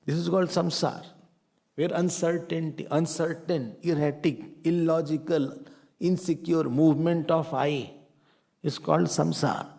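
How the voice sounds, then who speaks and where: Animated Indian man teaching Vedanta. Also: on the high side, a little slow, creaky, husky. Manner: animated, playful, mixes Hindi phrases. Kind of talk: spiritual class lecture.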